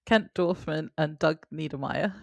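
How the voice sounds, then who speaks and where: A woman's voice: deep voice, unhurried, vocal fry, a little mellow, no echo. A woman co-hosting a podcast, chatting casually about a TV episode and laughing often. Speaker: podcast co-host. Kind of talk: casual chat recapping a TV episode.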